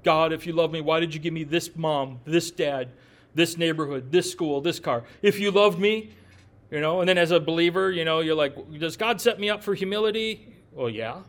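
A middle-aged man, preaching in a loose, conversational way. His voice sits a bit high for a man. He asks the listeners questions and drops joking asides as he talks. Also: normal speed, fairly bright tone. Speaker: pastor. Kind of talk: conversational sermon.

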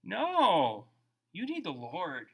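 Male pastor, middle-aged, high bright voice; animated conversational sermon with big swings in loudness. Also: extremely slow, vocal fry, breathy edge. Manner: animated, conversational preaching with shifting volume.

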